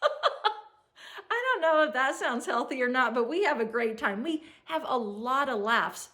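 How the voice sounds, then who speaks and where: A woman in her forties telling stories to the camera in a chatty, animated way, laughing often and acting out what people said. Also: sits high, unhurried. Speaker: vlogger. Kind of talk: casual storytelling to camera.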